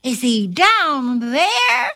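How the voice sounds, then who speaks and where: A woman reading a children's picture book aloud in a highly animated, sing-song storytelling manner with gasps. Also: extremely slow, dry recording, clean studio sound. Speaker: storybook reader.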